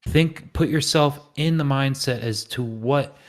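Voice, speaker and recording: A man's voice: medium pitch, measured pace. A man hosting a live trading stream, talking casually and acting out panicked traders' thoughts. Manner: animated, acts out panicked inner voices.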